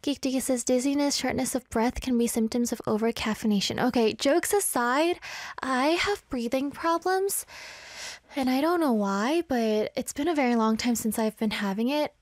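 A woman's voice: sits high, moderate pace, no echo, studio quality. A woman in her twenties hosting a radio show and live stream, chatting casually and playfully, a little out of breath. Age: 20s. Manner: chatty, playful, self-teasing. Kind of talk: casual radio chat reading live comments. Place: small studio, in a Korean city.

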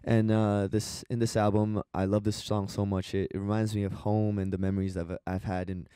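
A male singer being interviewed, his voice low and still groggy from waking up. He chats in a grateful, easygoing way, recorded dry and close. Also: little pitch movement, a little fast, mellow, clean tone, dry recording. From Canada. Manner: laughing, grateful. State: morning voice, just woke up. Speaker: guest singer. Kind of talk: casual interview chat.

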